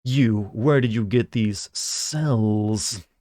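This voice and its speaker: A man voicing a cold, menacing male evil scientist who questions slowly and deliberately. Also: fairly low pitch, mellow, dry recording, clean studio sound. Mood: cold, probing. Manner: slow, deliberate, interrogating.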